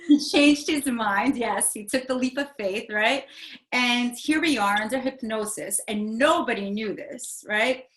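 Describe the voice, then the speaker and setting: A woman's voice: fairly high pitch, a little slow, a bit bright. Earnest woman telling a story, echoey room. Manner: earnest, rambling, many fillers and restarts. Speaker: interview guest. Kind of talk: personal storytelling in an interview.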